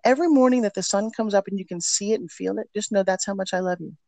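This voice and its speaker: A woman's voice: mid-range voice, fast, mellow, no echo. A middle-aged woman speaks as an interview guest, telling stories with energy and emphasis. Her voice is recorded close and dry, with no room sound around it. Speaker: podcast guest, personal development teacher. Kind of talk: casual interview storytelling.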